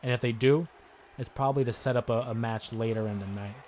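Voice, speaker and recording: A man in the middle of his range, talking casually as he hosts a live stream. He comments on a wrestling video game, chatty and quick to get excited. A faint hiss sits under his voice. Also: medium pitch. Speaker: gaming livestream host. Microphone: desk microphone with headphones listeners.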